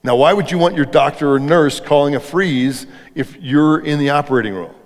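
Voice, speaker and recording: A middle-aged man with a fairly high voice speaks on leadership before an audience in an event hall, talking conversationally at a moderate pace. He puts questions to the crowd throughout this interactive live talk, and the hall is reverberant.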